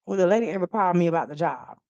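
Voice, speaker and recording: Gravelly and racing, a lowish female voice jokes and preaches straight to viewers on her tarot reading live stream, keeping things casual and animated. The recording sounds muffled, with no echo.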